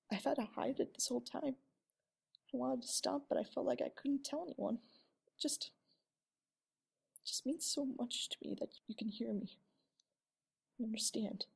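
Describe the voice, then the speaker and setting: A woman in a whispered role-play, voicing an ashamed young woman who confides haltingly and apologizes often. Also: mid-range voice, full character voice. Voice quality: soft, hushed and breathy. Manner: halting and apologetic, with many restarts.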